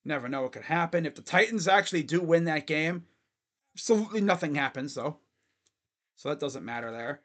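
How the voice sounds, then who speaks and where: A man with a noticeably high-pitched voice hosts a casual fan livestream. He talks in a loose, rambling way, chatting with viewers as he goes. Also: animated, a little fast, a bit bright. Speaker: sports fan livestream host.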